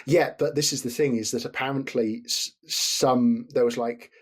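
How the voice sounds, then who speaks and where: A man, speaking in a husky, slightly breathy voice at a middle pitch. He talks as a podcast guest in a relaxed, meandering way, circling back and qualifying his points as he goes. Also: normal speed. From Britain. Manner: discursive, restarts and qualifies often. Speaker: podcast guest, film scholar. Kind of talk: casual chat.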